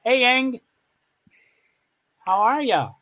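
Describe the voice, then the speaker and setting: An American man co-hosting a casual live-stream chat. His voice is high and bright. He talks in a chatty, rambling way and breaks off to greet viewers as they come in. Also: lively intonation, extremely slow. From United States. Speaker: co-host.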